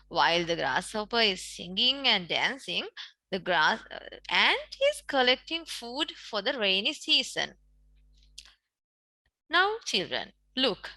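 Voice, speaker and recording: Lively Sri Lankan English teacher. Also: female voice, medium pitch, takes it slowly, no room sound. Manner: reads a story and explains words with Sinhala translations. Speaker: primary school English teacher. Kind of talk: online English lesson.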